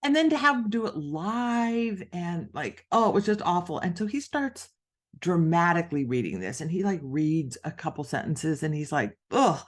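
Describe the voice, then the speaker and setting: On a podcast, a middle-aged woman author recounts a story in conversation, her voice on the low side and her speed normal. She's animated throughout, imitating the voices of the people she quotes.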